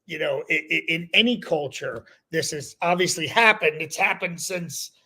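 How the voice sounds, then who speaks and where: A man's voice: on the high side, moderate pace, sharp tone, slightly rough. A man hosting a podcast, chatting enthusiastically over a remote call. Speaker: podcast host. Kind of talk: casual chat.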